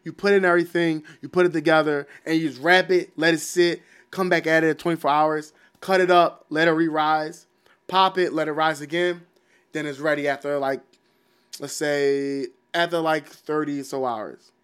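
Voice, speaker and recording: A man, his voice a touch higher than most. He chats casually on a podcast into an uncovered studio mic. He rambles, swears and laughs between his points. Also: steady tone, moderate pace, a bit bright, clean tone. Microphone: studio mic without cover.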